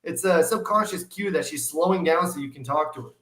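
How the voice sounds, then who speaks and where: A middle-aged man chatting casually on a podcast, his voice sitting a little high for a man. He tells stories with animation and acts out each exchange. The room around him is echoey. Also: fairly quick. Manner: animated storyteller, acts out dialogue.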